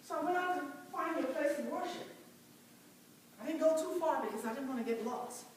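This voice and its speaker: A woman's voice: high-pitched, lively intonation, brisk, slight background noise. A woman performing a first-person dramatic monologue as a devout, determined mother who was once enslaved, with impassioned cries of "oh" in a large church. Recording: very echoey church, mic far off.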